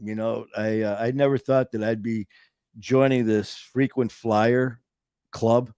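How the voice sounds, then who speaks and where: A man's voice: medium pitch, fairly even intonation, a little slow, darkish tone, clean tone, dry recording. Casting: male talk host from Michigan, rambling and jokey, dry close studio mic. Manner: rambling, stop-start, jokey. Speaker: show host. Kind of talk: casual chat.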